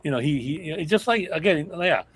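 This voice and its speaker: A man's voice: fairly high pitch, lively intonation, fairly quick, slightly rough. A man appearing as a guest on a casual live movie review chat, talkative and agreeing constantly. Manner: chatty, agrees constantly with yeahs.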